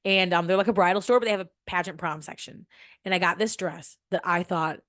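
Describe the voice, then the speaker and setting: A young woman from Michigan, telling a personal story in a chatty way and jumping into a higher voice when she quotes herself. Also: fairly quick, no echo, studio quality. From Michigan, USA. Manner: chatty, animated, acts out quoted lines in a high voice. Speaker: podcast host. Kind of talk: casual storytelling.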